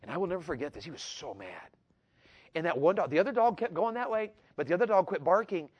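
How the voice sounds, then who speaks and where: A man telling a folksy personal story, animated and repetitive, rising to loud peaks. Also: sits high, quick pace, slightly rough, lo-fi sound. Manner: animated, repeats words, builds to loud peaks. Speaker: storyteller speaker.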